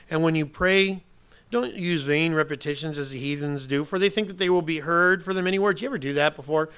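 A male pastor delivers a sermon with a bright, ringing voice pitched a little high for a man. He is emphatic, dropping to soft asides and then rising to loud, forceful declarations. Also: fast talker, smooth.

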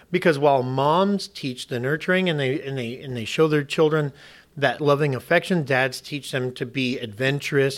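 A man delivers a sermon in a high, bright voice. He speaks emphatically, throws questions out to the congregation, and often restarts or repeats words mid-sentence. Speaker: preacher.

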